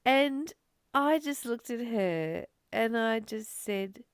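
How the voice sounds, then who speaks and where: A woman giving a reflective spiritual teaching, speaking in an animated storytelling way with occasional laughs. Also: on the high side, takes it slowly, clean tone, no room sound, studio quality.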